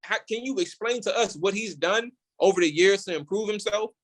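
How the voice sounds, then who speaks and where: In a radio studio, a man appearing as a guest sports podcaster argues his point with animated, opinionated energy in casual sports talk. His voice is a little high for a man and brisk, and he restarts and repeats words as he builds his case.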